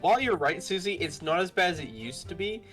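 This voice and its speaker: A man's voice: high-pitched, expressive, brisk, a bit bright, faint music behind. A man co-playing a game, chatting casually with a wry manner. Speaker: co-player. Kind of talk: casual let's-play chat.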